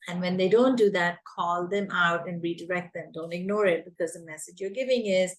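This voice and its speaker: A woman's voice: fairly low pitch, fairly even intonation, brisk, few pauses, rough recording. A woman coaching teachers, speaking emphatically and repeating her key points. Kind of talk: advice talk to teachers.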